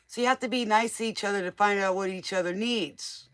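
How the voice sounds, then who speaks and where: A woman's voice: mid-range voice, brisk. A woman giving casual, motherly tarot readings to viewers on a live stream. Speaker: tarot reader.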